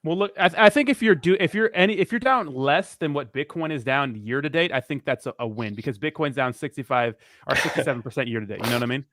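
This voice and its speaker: A man's voice: medium pitch, fast talker, few pauses, fairly bright tone, dry recording, studio quality. A man in casual podcast chat, brash and emphatic, swearing freely.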